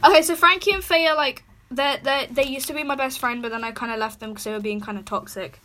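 Bright high-pitched teenage girl. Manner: fast, animated storytelling. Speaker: podcast host. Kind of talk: casual chat, reading out texts.

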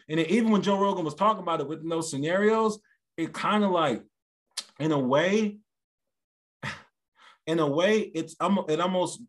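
Animated man, hosting a podcast chat. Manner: animated, slips into high put-on voices for quoted people. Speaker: podcast co-host; stand-up comedian. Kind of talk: casual chat.

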